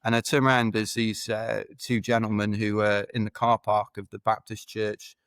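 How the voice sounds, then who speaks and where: British male podcast guest, low flat delivery, dry close sound, rambling self-deprecating anecdotes. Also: moderate pace, clean tone, dry recording. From United Kingdom. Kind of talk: casual anecdotal storytelling.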